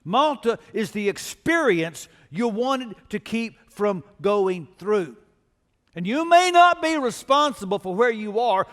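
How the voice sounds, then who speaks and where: A man's voice: high voice, very animated, measured pace, fairly bright tone. A male pastor preaching a sermon in a large church auditorium, telling stories and building to emphatic calls to action. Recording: long reverb of a large church hall.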